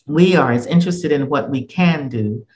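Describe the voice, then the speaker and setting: A woman's voice: a bass voice, normal speed, darkish tone. A man voicing a young woman schoolteacher who speaks to her class in a firm, encouraging tone. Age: young adult.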